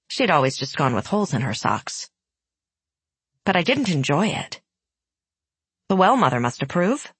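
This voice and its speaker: Low husky woman reading a fantasy audiobook, dry close sound. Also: dry recording. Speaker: audiobook narrator. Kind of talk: scripted narration.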